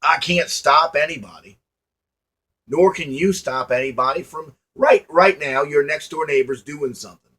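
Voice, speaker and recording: A man's voice: on the high side, moderate pace, bright, forceful tone, breathy edge. Preachy man lecturing to camera. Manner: preachy, repetitive, rhetorical questions. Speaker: online commentator. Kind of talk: motivational monologue to camera.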